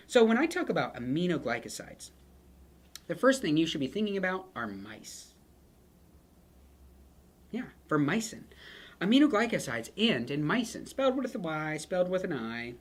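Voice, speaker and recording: Casual, animated nursing lecturer, joking asides, very expressive pitch. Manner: chatty and joking, with playful asides to students. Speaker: nursing pharmacology instructor. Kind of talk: casual lecture with picture mnemonics.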